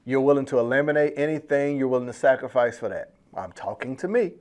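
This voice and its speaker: A man hosting a business podcast in a casual, slangy, animated way, laughing often and acting out little asides. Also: medium pitch, quick pace. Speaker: podcast host. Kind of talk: casual motivational podcast talk.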